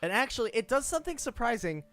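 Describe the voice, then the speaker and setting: A man's voice: extremely high pitch, faint music behind. Young man running a tabletop game. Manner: lively, quick narration with stumbles. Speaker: game master.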